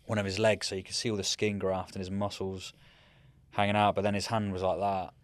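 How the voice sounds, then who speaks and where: A man in his thirties, a military veteran guest, telling rambling, animated stories in casual chat and often saying "mate". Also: deep voice, fairly quick, clear, resonant tone, dry recording. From United Kingdom.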